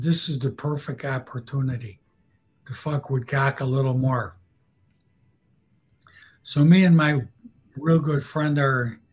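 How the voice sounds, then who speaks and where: Husky man telling blunt barbershop stories. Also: medium pitch. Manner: blunt, swearing, laughs at his own stories. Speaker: guest storyteller. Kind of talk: casual storytelling.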